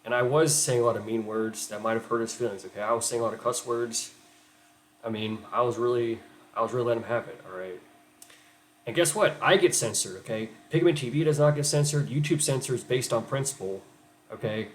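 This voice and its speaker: A man's voice: mid-range voice, brisk, a little hiss or hum, rough recording. Man in a middle register, heated, profane rant. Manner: heated, profane, repetitive "okay?". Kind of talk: angry rant.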